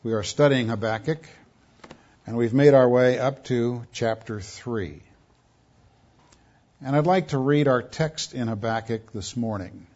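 A male pastor preaching a sermon, measured and emphatic, with dramatic pauses on key words. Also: mid-range voice, darkish tone, highs cut off.

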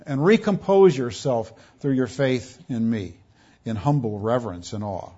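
A male pastor preaching a sermon, measured and emphatic, with dramatic pauses on key words. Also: mid-range voice, dark tone, husky, muffled recording.

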